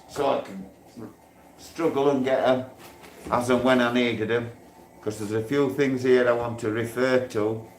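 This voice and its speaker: Slow-talking man livestreaming. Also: mid-range voice, slight background noise. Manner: rambling, grows irate and loud when aggrieved. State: in pain. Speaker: livestreaming channel host. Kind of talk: casual livestream talk.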